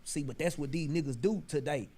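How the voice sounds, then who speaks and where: A man's voice: a little high, fairly quick, dark tone. A man speaking bluntly in profane street talk.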